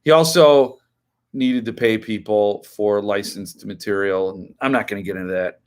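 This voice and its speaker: A man's voice: lowish voice, steady tone, normal speed, darkish tone. A man in his fifties hosting a live stream, chatting casually as he answers viewers' comments and now and then flaring into indignant rants.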